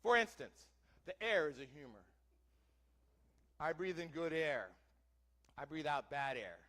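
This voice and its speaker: A man's voice: on the high side, animated, unhurried, a bit bright. A man doing a first-person historical reenactment for a live audience, playing a wagon teamster and quizzing listeners with questions in a theatrical way. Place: church hall, before an audience.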